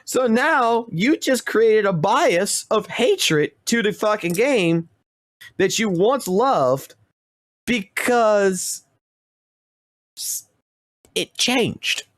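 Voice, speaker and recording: A man with a slightly high voice rants about games in heated, swear-laden casual commentary. He talks close to his microphone in a dry, dead room. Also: animated, very slow, long pauses, fairly bright tone, dry recording. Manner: profane, heated ranting. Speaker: gaming streamer.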